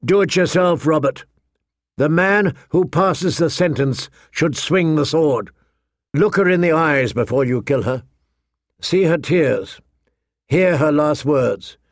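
A man voicing a stern, honorable middle-aged lord who speaks gravely and firmly. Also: on the high side, no room sound, clean studio sound, pitched above the performer's own voice. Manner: grave, firm, measured.

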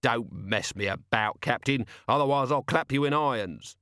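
A man's voice: medium pitch, normal speed, pushed and bright, no echo, studio quality, natural voice. A man voicing a blunt, exasperated watch commander in a storybook reading. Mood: impatient. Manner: blunt, impatient. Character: exasperated gruff male city watch commander.

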